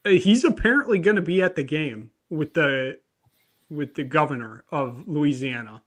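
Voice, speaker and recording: A man's voice: on the high side, animated, moderate pace, fairly bright tone. A young man hosting a casual sports betting show, chatty and tripping over his words. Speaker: host.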